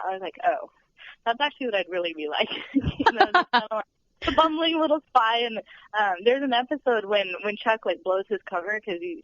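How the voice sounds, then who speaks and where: A young woman who works as a studio tour guide chats bubbly and laughs often during a podcast interview. Her voice is a little high and a bit bright, captured in dull lo-fi podcast audio.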